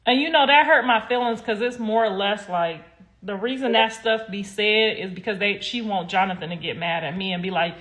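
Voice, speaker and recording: Blunt, animated middle-aged woman. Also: mid-range voice, normal speed. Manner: blunt, animated storytelling with mocking impressions. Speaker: interview guest. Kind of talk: candid interview talk.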